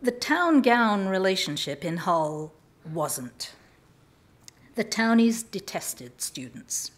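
Lively woman telling a story. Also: mid-range voice, slow pace. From southern England. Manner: lively, self-mocking storytelling. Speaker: writer reading her work. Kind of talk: reading a humorous personal story aloud.

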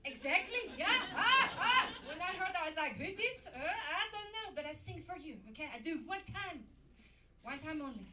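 A woman doing a live stand-up impression of a vain, over-the-top female diva singer with a put-on French-Canadian accent, talking loud and sing-song. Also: very high-pitched, expressive, normal speed, full character voice. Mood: grand, playful. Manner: loud, campy, sing-song, bursting into shouts. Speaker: comedian doing a character impression. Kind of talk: live stand-up character act. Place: comedy club stage. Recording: roomy live venue from far off, audience noise.

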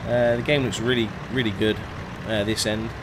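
A man's voice: on the low side, little pitch movement, moderate pace. Chatty man streaming a truck game. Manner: chatty, greets chat viewers by name. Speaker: gaming streamer. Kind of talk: casual live-stream commentary. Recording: faint truck engine noise behind.

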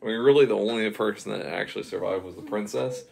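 A man's voice: lowish voice, fast, gravelly, a little mellow, husky. A man improvising a silly, rambling story for a baby, chuckling as he goes.

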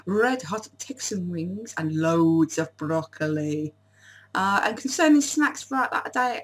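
Husky woman chatting through her diet. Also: a little high. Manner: chatty, stumbling restarts and self-deprecating asides. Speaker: vlogger. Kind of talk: casual diet vlog to camera.

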